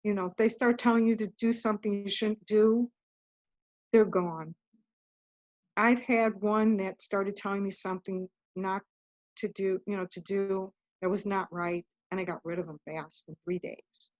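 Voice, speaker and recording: A woman's voice: mid-range voice, steady tone, normal speed, a little mellow, dry recording. A woman guest telling her story in an interview, earnest and rambling, often breaking off and restarting. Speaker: guest author. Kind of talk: casual interview talk. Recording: dull, muffled lo-fi audio.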